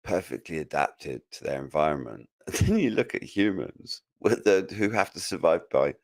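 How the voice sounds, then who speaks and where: A man's voice: low-pitched, lively intonation, moderate pace, gravelly, no echo, clean studio sound. A man as a podcast guest in casual chat, musing aloud with many restarts. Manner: musing, stammering restarts, laughs easily.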